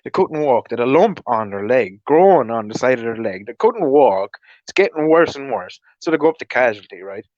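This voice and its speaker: A man rants into his camera, angry and rambling, swearing freely and restarting his sentences as he goes. His voice sits at an ordinary middle pitch. The recording is dry and a little dull, as if from a cheap mic. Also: sing-song, fairly quick, few pauses, darkish tone, no echo. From Ireland. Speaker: vlogger. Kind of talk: ranting monologue.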